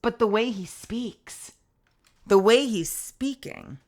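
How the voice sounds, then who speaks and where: A woman's voice: on the high side, lively intonation, slow pace. A woman streamer chatting expressively and thinking aloud as she plays a game live. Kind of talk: live let's-play commentary.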